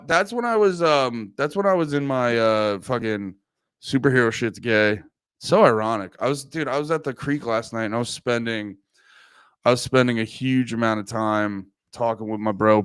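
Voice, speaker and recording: A man's voice: mid-range voice, normal speed, clean tone, dry recording, studio quality. A man in his thirties hosting a livestream, rambling casually with profanity and frequent laughs. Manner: profane, self-mocking, laughs often. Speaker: livestream host.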